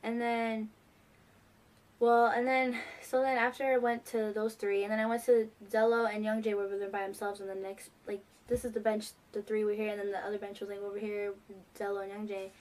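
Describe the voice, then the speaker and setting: A teenage girl excitedly telling a rambling fan story, full of fillers. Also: medium pitch, a little fast. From New York. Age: teens. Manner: gushing, rambling, many fillers. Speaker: fan vlogger.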